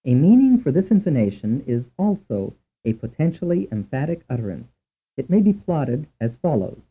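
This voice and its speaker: A man reading scripted instructions for a language course in a measured, precise lecturing manner. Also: on the high side, big pitch swings, breathy edge. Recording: tinny narrow-band recording.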